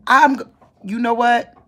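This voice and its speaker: A woman's voice: fairly high pitch, a bit bright. A woman vlogging late at night while lying down, rambling in disbelief and repeating herself as she talks to her viewers on a phone. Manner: rambling, incredulous, repeats herself, restarts often.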